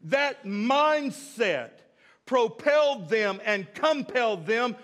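High-voiced preacher. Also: male voice, animated, slow pace, a bit bright. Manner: emphatic, repetitive preaching. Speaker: pastor. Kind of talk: sermon.

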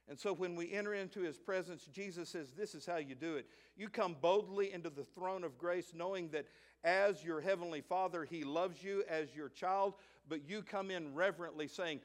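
A middle-aged male pastor preaching a sermon in an animated way, moving from hushed asides to loud, emphatic lines. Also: high voice, moderate pace. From United States. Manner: acts out a child's voice in stories.

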